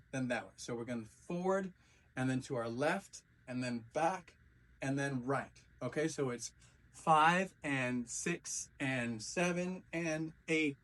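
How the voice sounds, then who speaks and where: A man with a slightly high voice leads a dance class step by step, calling out counts and beat sounds while he demonstrates the moves. He sounds a little distant from the microphone. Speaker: dance instructor. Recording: voice from a distance from the mic.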